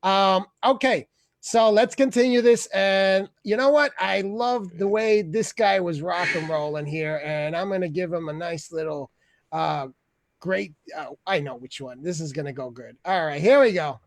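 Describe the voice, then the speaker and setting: A man hosting a comedy open mic over a video call, slow, joking and casual. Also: sits high, no room sound. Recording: video call with loud music.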